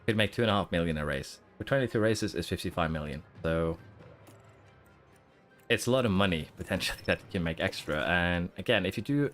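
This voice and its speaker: A man with a very low voice chats casually to his stream viewers, rambling and restarting his sentences as he thinks aloud. He is trying to hold in hiccups. Soft music plays faintly behind him. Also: expressive, brisk. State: hiccuping and holding them in. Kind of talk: casual live-stream commentary.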